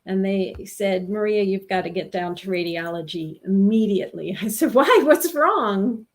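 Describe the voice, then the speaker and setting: A woman in her sixties from New York, telling a personal story in an interview, earnest and halting with frequent restarts. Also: mid-range voice, fairly even intonation, mellow. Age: 60s. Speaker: guest telling her experience.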